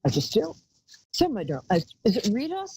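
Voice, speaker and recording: A woman's voice: fairly high pitch, huge pitch swings, fairly quick, dark tone, breathy edge, low-quality recording. A woman hosting a live call-in psychic show, talking in a chatty, rambling way and calling callers darling.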